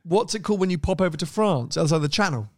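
A man's voice: a little high, lively intonation, rapid-fire, no room sound, clean studio sound. A man co-hosting a podcast, chatting casually and laughing often as he rambles through asides. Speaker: podcast co-host. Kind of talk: casual chat.

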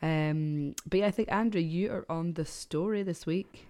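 A woman chatting on a podcast while losing her voice to a chesty cough. She is frank and quick to laugh, filling her talk with likes and ums. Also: lowish voice, dark tone. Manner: frank, laughing, lots of fillers. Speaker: podcast co-host. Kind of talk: casual chat.

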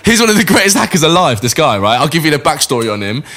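Young male storyteller, animated and rambling, slightly high, sharp-toned. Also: quick pace. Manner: animated, rambling, full of "like" fillers. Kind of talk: casual storytelling chat.

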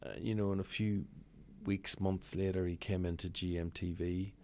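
A Northern Irish man in his sixties, a broadcaster telling lively, blunt anecdotes as an interview guest. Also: deep voice, normal speed, slight background noise. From Northern Ireland. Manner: lively raconteur, blunt, swears freely. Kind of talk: anecdotal storytelling in conversation.

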